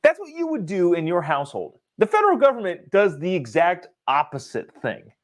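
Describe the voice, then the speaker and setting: Man, political commentary host, sarcastic, opinionated, lively pitch. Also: a little fast.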